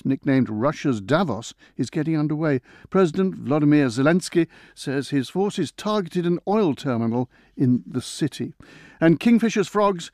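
A man's voice: fairly high pitch, darkish tone, no echo. A man presenting radio news and bantering with a colleague in a dry, teasing way.

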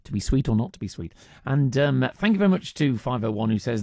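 A man's voice: mid-range voice, big pitch swings, fast talker, warm tone, no room sound. A man presenting a radio show in casual chat from a studio, reading out listener texts with plenty of ums and uhs. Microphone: studio microphone.

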